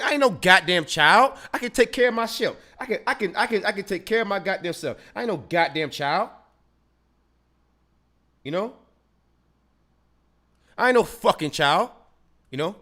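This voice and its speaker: A man's voice: high voice, bright, forceful tone. A man hosting a solo podcast, ranting with heavy profanity, repeating and stumbling over his words as he gets heated. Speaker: podcast host. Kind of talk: solo political rant podcast.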